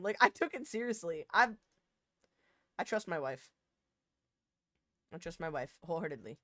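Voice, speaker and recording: A young woman streamer chatting casually with her chat, rambling and interrupting herself, now and then breaking into loud laughter. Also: on the low side, normal speed, no room sound, studio quality.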